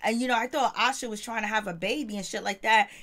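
A woman's voice: on the high side, fast, fairly bright tone. A woman casually recapping a reality TV episode in slangy talk, acting out the quotes as she goes. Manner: slangy, retells scenes in quoted voices. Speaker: TV show reviewer.

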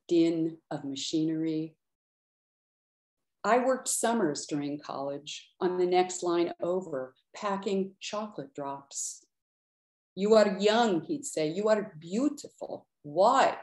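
A middle-aged woman giving a slow, measured poetry reading with brief asides. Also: lowish voice, mellow, echoey room. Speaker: poet reading her work.

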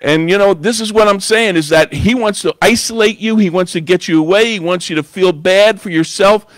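A man's voice: high-pitched, brisk, a bit bright, no room sound. A man preaching a sermon in church, talking in a conversational way and often asking "you know?". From New York. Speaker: guest preacher.

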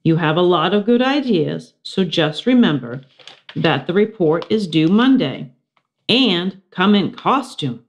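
A woman voicing a kind, patient schoolteacher who speaks warmly and encouragingly to her class. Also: lowish voice, animated, measured pace. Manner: warm and encouraging.

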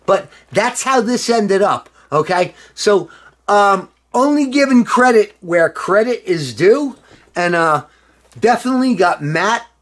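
A tipsy middle-aged man rambling excitedly in a casual video monologue, swearing and breaking into loud outbursts. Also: high voice. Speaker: former band member showing a reissued album.

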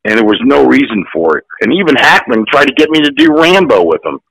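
A gravelly older man in his sixties swings his voice up and down as he spins profane, animated stories. His tone is bright and a bit high, and the sound is close and dry. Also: fast, dry recording, poor audio. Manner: profane, animated, acts out quotes. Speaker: actor guest. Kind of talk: casual storytelling.

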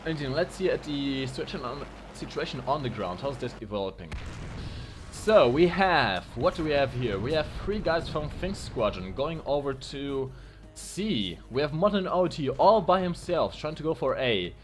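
A man's voice: mid-range voice, sing-song, soft background music. A man commenting live on a video game match with playful, joking banter. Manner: playful, jokey, fast banter. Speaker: esports commentator.

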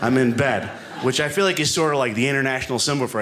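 A man's voice: mid-range voice, fast talker, crowd noise. A man doing a stand-up comedy set on a club stage, rambling and self-deprecating, with asides to the live audience. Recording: live club recording with room noise.

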